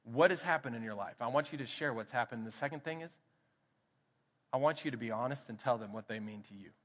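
Texan male pastor, lively sermon storyteller, bright edge, church hall reverb. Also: mid-range voice, quick pace. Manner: animated storytelling, acts out quoted voices. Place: church sanctuary.

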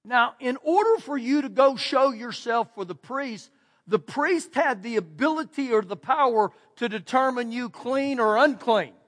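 Texan pastor, male, very high pitched, preaching to a congregation, long hall echo on the recording. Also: lively intonation, a little slow. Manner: preaching with emphatic repetition and shifts between loud and quiet. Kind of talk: sermon. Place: church sanctuary. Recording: church hall with long reverb.

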